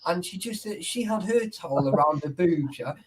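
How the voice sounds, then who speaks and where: Sweary man with a slightly high voice. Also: expressive, moderate pace, breathy edge. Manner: blunt, sweary anecdotes told with "right?" asides. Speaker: guest on a livestream. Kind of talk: casual chat.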